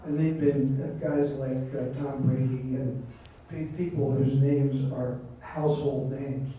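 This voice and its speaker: Slow-talking man, distant and echoey. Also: medium pitch, steady tone, dark tone, slight background noise. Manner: unhurried, halting, with many fillers. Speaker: guest speaker. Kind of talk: casual conversation. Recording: distant, roomy, dull recording.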